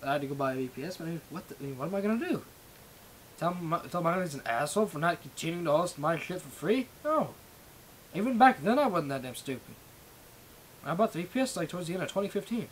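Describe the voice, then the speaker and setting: Young male streamer, slightly high voice, rambling profane rant, faint hiss on the recording. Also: lively intonation, fast talker, rough recording. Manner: rambling and profane, with frequent restarts. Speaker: livestream host. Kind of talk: ranting casual monologue.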